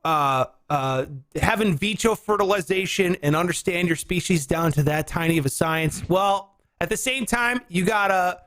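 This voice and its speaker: A man hosting a podcast, riffing in casual comic chat, rambling and breaking into shouts for bits. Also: high voice, normal speed, few pauses. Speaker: podcast host.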